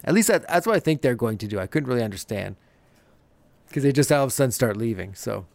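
A man's voice: medium pitch, lively intonation, fast talker, vocal fry, no room sound. A man hosting a podcast, casually recapping an episode and laughing often as he retells scenes. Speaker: podcast host.

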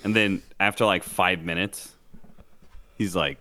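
A man's voice: deep voice, huge pitch swings, normal speed, fairly bright tone. A young man co-hosting a casual podcast, swearing freely and acting out quoted lines with lots of energy. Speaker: podcast co-host. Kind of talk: casual chat.

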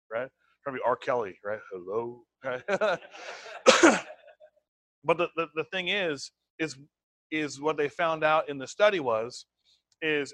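A middle-aged man giving an energetic sales training talk, acting out voices and dropping into whispers. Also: a little high, no echo. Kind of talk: motivational seminar talk.

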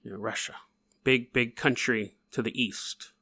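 A man hosting a paranormal news podcast, telling stories in an animated, jokey way and acting them out. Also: medium pitch, unhurried. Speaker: podcast host. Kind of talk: comedic paranormal news monologue.

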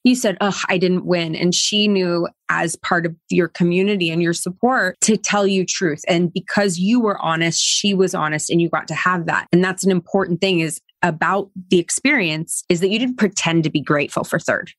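A woman's voice: lowish voice, moderate pace, hardly any pauses, dry recording, studio quality. A woman hosting an interview, speaking in an encouraging and reflective way. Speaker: podcast host. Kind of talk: supportive interview talk.

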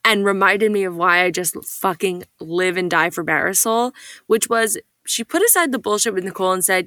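A woman co-hosting a casual pop-culture podcast, animated and gossipy, swearing casually. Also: medium pitch, normal speed, no echo. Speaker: podcast co-host. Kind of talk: casual chat about reality TV.

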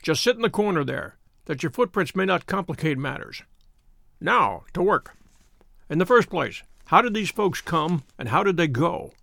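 A man voicing a confident detective who explains things in a measured way. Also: a little high, animated, creaky, pushed and bright, dry recording, studio quality, full character voice. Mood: lecturing.

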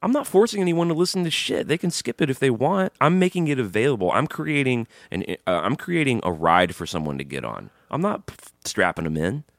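A man's voice: mid-range voice, sing-song, a little fast, creaky, hardly any pauses, fairly bright tone, dry recording, clean studio sound. A man co-hosting a podcast in casual comedic chat, talking emphatically and swearing. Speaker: podcast co-host.

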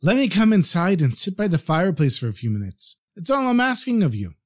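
A man's voice: high-pitched, big pitch swings, a little fast, pitched above the performer's own voice. A man voicing a humble old prophet disguised as a poor beggar, pleading to be let in from the cold.

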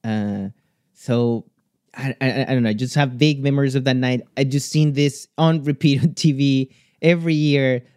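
Animated man telling a story. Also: mid-range voice, moderate pace, clean tone, no room sound, clean studio sound. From Chile. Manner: animated storytelling, acting out quotes. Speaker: guest. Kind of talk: casual chat.

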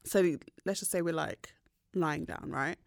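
A woman, co-hosting a podcast in casual chat, talking frankly and relaxed and reading out bits of research in a chatty way. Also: low voice, a little slow, gravelly, no echo, clean studio sound. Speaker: podcast co-host.

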